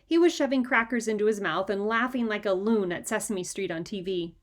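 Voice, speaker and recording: A woman reading a children's chapter book aloud in a lively, expressive way. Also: medium pitch, brisk. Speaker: reader. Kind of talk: storybook read-aloud.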